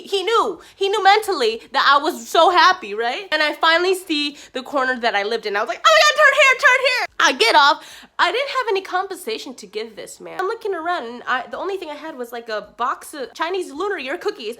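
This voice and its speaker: Bright, lively high-voiced woman vlogger. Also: fast talker, few pauses. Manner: animated, laughing often, acts out quoted lines. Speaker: travel vlogger. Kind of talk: casual storytelling.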